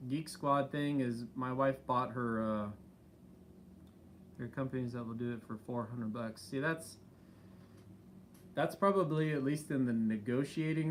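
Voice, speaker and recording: Easygoing rambling man, faint hum. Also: medium pitch. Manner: rambling, easygoing, many fillers. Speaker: channel co-host. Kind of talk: casual live-stream chat.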